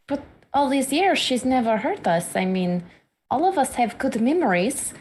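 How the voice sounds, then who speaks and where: A woman's voice: high voice, very animated, moderate pace, a little mellow, a little hiss or hum. A woman playing a tabletop game, speaking in an earnest, wondering way. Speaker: player. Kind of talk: casual tabletop play.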